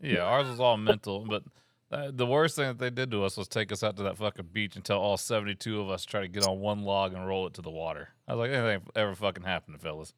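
A man's voice: lowish voice, fast, dry recording, studio quality. A man recalling his boot camp days in casual chat, blunt and profane with wry asides. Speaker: guest, Coast Guard veteran.

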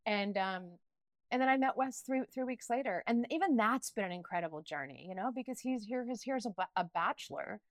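Animated middle-aged woman opening up. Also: fairly high pitch, a little fast, no echo. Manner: animated and emotional, with frequent restarts and laughter. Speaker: guest. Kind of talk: candid personal interview talk.

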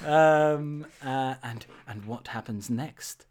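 A man's voice: medium pitch, slow. A man co-hosting a podcast, recapping a film in a rambling, joking way with many fillers. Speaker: podcast co-host. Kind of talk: casual film recap chat.

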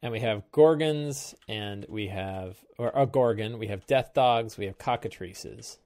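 Slow-talking, low-voiced man musing aloud. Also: a little mellow. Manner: musing, halting, trails off and restarts. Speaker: host of a game-prep show. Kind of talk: thinking aloud while prepping a tabletop game.

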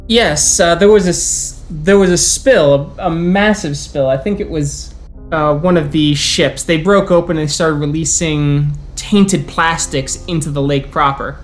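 A man narrating as storyteller of a tabletop role-playing game, voicing its characters in turn with halting restarts. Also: a little high, soft background music. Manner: plays many characters in quick turns, with halting restarts.

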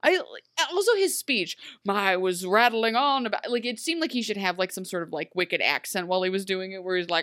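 Woman rambling through a tv recap, lots of "like"s, animated. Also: medium pitch. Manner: animated, lots of "like" and quick asides. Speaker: podcast co-host. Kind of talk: casual TV recap chat.

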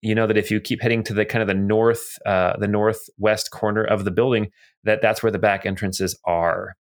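A man's voice: on the low side, level tone, moderate pace. A man running a tabletop game as game master, describing scenes in a casual, rambling way with many fillers.

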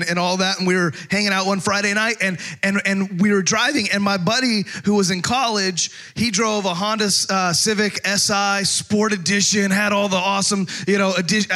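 High, bright-voiced animated pastor. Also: male voice. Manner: animated, comic, acts out voices. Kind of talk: storytelling sermon.

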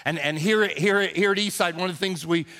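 Male pastor, sermon, high voice, bright tone, emphatic, repeats words. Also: brisk. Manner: emphatic, repeats words when stressing a point.

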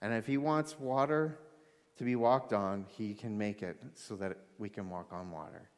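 A man preaching a sermon, animated, swinging between loud excitement and hushed intensity. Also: lowish voice, moderate pace. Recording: long hall reverb.

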